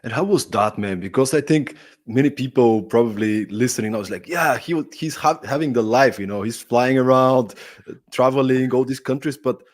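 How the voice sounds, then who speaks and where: A man's voice: mid-range voice, moderate pace. A man hosting a podcast interview, friendly and conversational, often tagging sentences with "right?" and "like". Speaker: podcast host. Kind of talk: casual interview.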